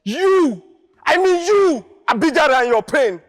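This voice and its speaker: A man's voice: very high voice, big pitch swings, measured pace, big-room sound, soft background music, heavily acted. A male acting contestant performing a stage monologue as an impassioned man urging people never to give up, delivered in a preachy, rousing way.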